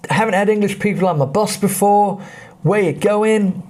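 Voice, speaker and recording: A man doing an excitable, chatty bus driver. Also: high voice, moderate pace, pitched above the performer's own voice, lightly acted. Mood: enthusiastic. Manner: eager, generous, chatty.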